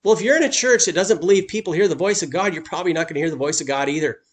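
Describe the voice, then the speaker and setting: A man's voice: a little high, very fast. A man preaching a sermon as pastor, speaking emphatically and lifting his voice on key points.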